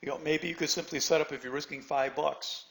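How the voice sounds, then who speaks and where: A man's voice: on the high side, steady tone, fast, creaky, a bit bright, low-quality recording. Man, middle-aged, trading instructor, blunt, scolding, rhetorical questions, seminar lecture.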